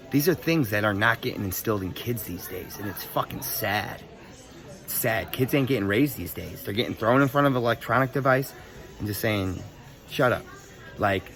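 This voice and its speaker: A young man telling a story in a casual, profane, animated rant full of street slang. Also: mid-range voice. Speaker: vlogger.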